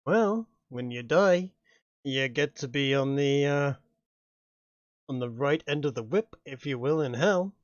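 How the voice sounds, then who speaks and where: A man voicing a scheming male crossroads demon who bargains in a folksy, drawn-out way. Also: mid-range voice, expressive, no echo, dull audio, pitched below the performer's own voice, natural voice. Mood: sly, bargaining.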